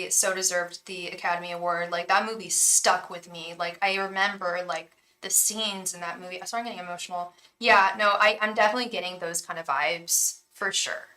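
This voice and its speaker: Woman tarot reader on a live stream, frank and chatty, bright voice, sitting back from the mic. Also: fairly low pitch, far from the mic, low-quality recording. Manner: frank, chatty, swears casually.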